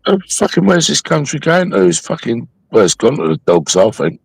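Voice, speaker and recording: A man's voice: a little high, very animated, brisk, gravelly, slightly rough, dry recording. A man chatting as a guest on a livestream, making blunt, sweary remarks. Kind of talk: casual chat.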